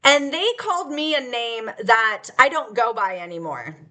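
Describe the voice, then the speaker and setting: High, animated woman telling her story. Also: moderate pace. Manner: emotional, candid, rambling, with frequent laughs and swearing. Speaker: vlogger sharing her life story. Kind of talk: raw unscripted personal testimony.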